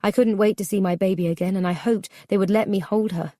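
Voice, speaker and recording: A woman narrating a memoir audiobook in a measured, subdued, somber way. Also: medium pitch, steady tone, warm tone, no echo, studio quality.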